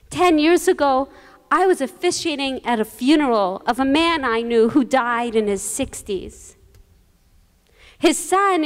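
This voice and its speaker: A woman rabbi giving a holiday sermon, telling stories with quoted voices and gentle humor. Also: high voice. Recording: long reverb in a large hall.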